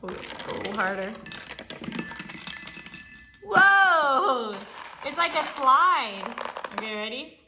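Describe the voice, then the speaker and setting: Slow, gentle woman hosting a toddler lesson. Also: high-pitched, sing-song, over music. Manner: gentle, slow, sing-song teacher talk. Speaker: children's show host. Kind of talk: early-learning lesson for toddlers. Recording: echoey room with background noise.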